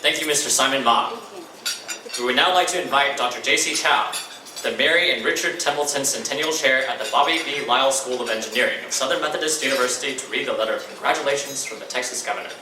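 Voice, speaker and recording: A man's voice: medium pitch, fast, sharp tone. A man serving as master of ceremonies, giving polished, scripted introductions and announcements. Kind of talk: formal announcements. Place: large banquet hall. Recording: echoey banquet hall, distant mic, noisy.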